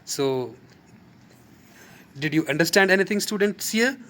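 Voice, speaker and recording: A man's voice: high voice, lively intonation, a little slow, bright, forceful tone. A male school English teacher with an Indian English accent, patiently explaining a lesson to students and defining words as he goes.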